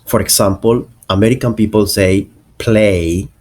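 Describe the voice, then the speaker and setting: A man narrating a lesson on English accents, explaining slowly and deliberately and spelling out example words. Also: fairly low pitch, a little mellow.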